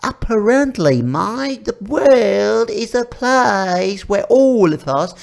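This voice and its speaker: A man's voice: high voice, very animated, slow, vocal fry, pitched above the performer's own voice, heavily acted. A man doing an impression of a rambling British celebrity with a British accent, drawn out and preachy, tagging sentences with "mate".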